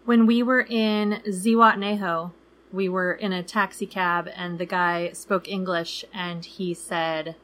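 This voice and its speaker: Woman, 30s, podcast co-host, casual rambling storyteller, average pitch. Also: fairly even intonation, measured pace, a bit bright. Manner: chatty, many fillers, acts out quoted people. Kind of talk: casual chat.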